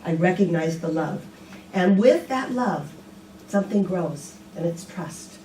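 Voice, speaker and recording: A woman minister giving a relaxed, conversational sermon, often saying "you know" and getting lively when she tells stories. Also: on the low side, unhurried, slight background noise. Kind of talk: informal sermon. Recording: echoey room, mic at a distance.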